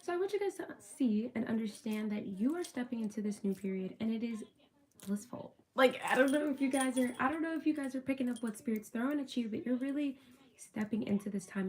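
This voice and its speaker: A woman's voice: on the high side, a little mellow. A young woman casually chatting to her viewers while doing a tarot reading, upbeat and talkative. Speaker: tarot reader.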